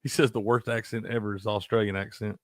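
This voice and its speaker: A man's voice: fairly low pitch, quick pace, dry recording, clean studio sound. A man co-hosting a casual sports betting chat, cursing freely and laughing often. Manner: profane, animated, laughs a lot. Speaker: sports betting show co-host.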